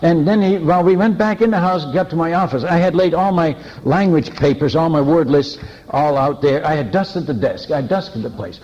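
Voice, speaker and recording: A man preaching as a missionary, telling stories in an animated way, chuckling and restarting often. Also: a little high, moderate pace, few pauses, highs cut off. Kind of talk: anecdotal sermon storytelling.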